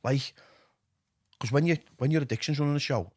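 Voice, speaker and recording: Man, middle-aged, Liverpool accent, podcast guest, candid storytelling, animated with hushed asides, dry close sound. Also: mid-range voice, fairly quick, dry recording. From England. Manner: animated, drops to a hushed voice when quoting himself.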